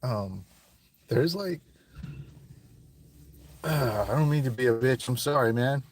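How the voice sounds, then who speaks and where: Emotional male interviewee outdoors, halting and profane, near tears. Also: medium pitch, expressive. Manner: halting, repeats words, heavy swearing.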